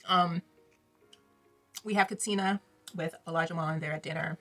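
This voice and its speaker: A woman's voice: low-pitched, fairly even intonation, quick pace, fairly bright tone. Sassy, blunt woman ranting over faint music. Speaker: reality TV reviewer. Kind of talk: casual commentary vlog.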